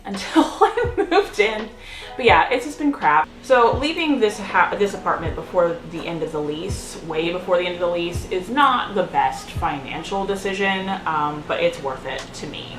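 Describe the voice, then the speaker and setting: A woman vlogging at home in a casual, rambling way, with many fillers and restarts. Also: on the low side. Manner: sings out baby talk to her pets. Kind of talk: casual chatty vlog. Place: at home indoors. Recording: echoey room with music behind.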